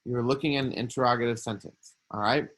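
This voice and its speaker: A man's voice: medium pitch, steady tone, fast, a bit bright. A man with a mid-range voice teaches a recorded grammar lesson for young students. He is patient and repetitive, stating each rule again as he steps through the examples one by one.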